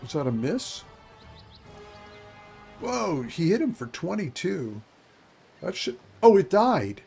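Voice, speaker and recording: A man's voice: high voice, sing-song, takes it slowly, gravelly, a little mellow, soft background music. A man in his fifties streaming a game and chatting casually, rambling to himself as he plays. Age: 50s. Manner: rambling, talks to himself, chuckles. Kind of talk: casual gameplay commentary.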